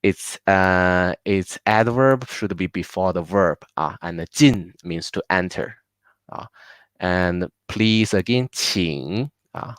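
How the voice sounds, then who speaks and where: A man leads a live online language lesson at an unhurried pace. His voice is smooth and a little low, and he patiently repeats each word for his learners. The sound is dry and close to the mic. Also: fairly bright tone, no room sound. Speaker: language teacher.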